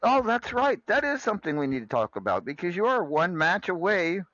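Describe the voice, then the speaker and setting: A man hosting a casual online chat. He stammers and restarts his sentences, and his pitch swings widely. The recording is dull and lo-fi, with a dry sound. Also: huge pitch swings, a little fast, bright, forceful tone, no echo. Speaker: show host.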